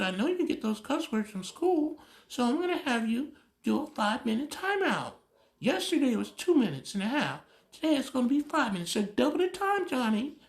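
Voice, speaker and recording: Guy doing a whiny soft mommy voice, way up high, singsongy and pleading with her kid. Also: vocal fry, heavily acted. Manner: sing-song pleading. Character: doting overly soft mother scolding child.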